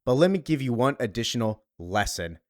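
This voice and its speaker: A man voicing a gruff adult male bounty hunter who speaks in a formal, menacing way. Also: medium pitch, very animated, a little fast, natural voice.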